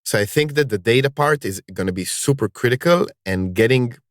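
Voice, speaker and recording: A man hosting a podcast in casual conversation, speaking emphatically and lifting his pitch on key words. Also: expressive, fairly quick, no echo, studio quality. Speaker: podcast host.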